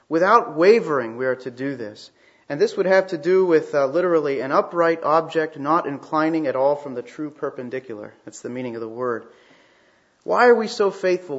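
Male preacher, mid-pitched, emphatic, rhetorical, slightly lo-fi recording. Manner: emphatic, with rhetorical questions and repeated phrases. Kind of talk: sermon. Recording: slightly dull, lo-fi sound.

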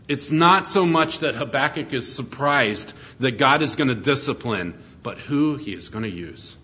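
A man's voice: medium pitch, moderate pace, hardly any pauses, sharp tone, highs cut off. A middle-aged man preaching an expository sermon, earnest and emphatic, asking his listeners rhetorical questions. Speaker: pastor.

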